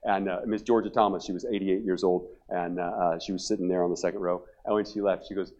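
A man in his forties, a pastor preaching a revival sermon, joking and telling stories, then pressing his point loudly. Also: deep voice, fairly even intonation, fast, few pauses, lo-fi sound. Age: 40s. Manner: humorous storytelling, rising to loud emphatic preaching. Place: church sanctuary.

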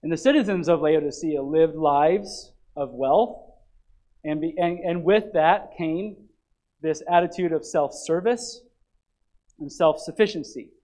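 A man preaching a sermon in a church, talking in an animated, emphatic way with frequent restarts. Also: fairly high pitch, measured pace, low-quality recording. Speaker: pastor.

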